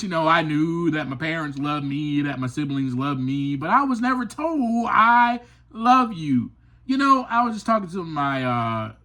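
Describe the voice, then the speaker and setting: A man hosting a podcast, telling a personal story in an earnest, emphatic monologue that climbs to passionate peaks and drops to quiet asides. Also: mid-range voice. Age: adult. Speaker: podcast host.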